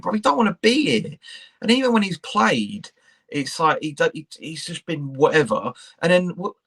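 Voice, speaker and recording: A man's voice: medium pitch, fairly bright tone, husky. Guy ranting about his football club, blunt, swears a lot, casual chat. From England. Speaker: podcast co-host.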